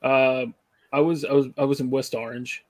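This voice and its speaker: A man from New Jersey in a casual group chat, speaking in a hesitant, halting, good-natured way. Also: medium pitch, level tone, dry recording.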